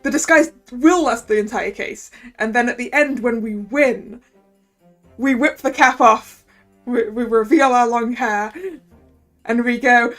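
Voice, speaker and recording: Chatty, giggly woman streamer with a high voice, talking casually over a game. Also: measured pace, fairly bright tone, soft background music.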